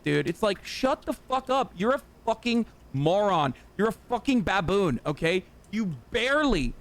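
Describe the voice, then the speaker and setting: A man's voice: very high-pitched, a bit bright. An American man hosting a livestream, ranting sarcastically and with heavy profanity. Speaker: livestream host. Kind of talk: ranting commentary on a gaming stream.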